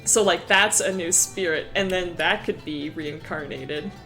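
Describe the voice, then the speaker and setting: A woman's voice: on the low side, measured pace, bright, forceful tone, soft background music. A woman streaming casually, rambling about her worldbuilding with frequent laughter and swearing.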